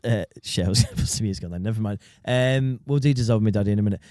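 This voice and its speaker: A man's voice: on the low side, racing, a little mellow, no echo. A man co-hosting a podcast, chatting casually with wry, dry jokes. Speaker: podcast co-host.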